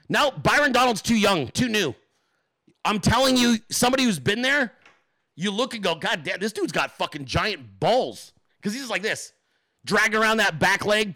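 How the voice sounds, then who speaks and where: A man on a political livestream rants emphatically, rambling and swearing while addressing viewers and chat directly. His voice is high-pitched, bright, and forceful, with no echo.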